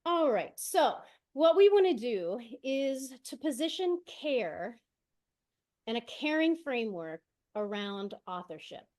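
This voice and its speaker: A woman giving an online conference talk as an educator, explaining steadily and often adding a quick "right?", heard through a video call mic set far from her. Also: sits high, sing-song, a little mellow.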